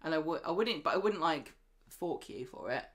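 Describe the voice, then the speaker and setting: A woman's voice: deep voice, moderate pace. Chatty woman recapping soap drama. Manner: chatty, acts out characters' lines in animated bursts. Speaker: podcast co-host. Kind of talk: casual soap recap chat.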